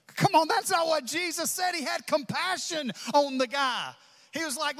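A man's voice: very high voice, very animated, unhurried, fairly bright tone, big-room sound. A man preaching a sermon as pastor, impassioned and acting out prayers and quotes.

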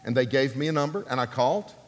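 A man from Alabama, preaching and telling a personal story with animated, acted-out voices. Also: medium pitch, quick pace. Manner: animated, acts out quoted voices. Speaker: pastor. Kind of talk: sermon storytelling. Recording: long hall reverb.

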